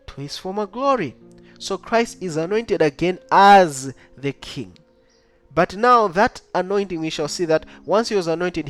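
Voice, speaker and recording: Guy teaching bible study, kinda high voice, keeps going "right?" "what?", faint music behind. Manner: keeps asking the listener rhetorical questions like "right?" and "what?"; reads scripture aloud in old-style wording.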